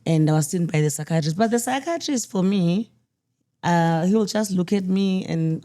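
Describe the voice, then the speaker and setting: A grieving mother telling her story in an interview, candid and halting, often quoting what others told her. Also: fairly low pitch, warm tone. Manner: candid, halting, with restarts and quoted dialogue. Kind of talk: emotional personal storytelling.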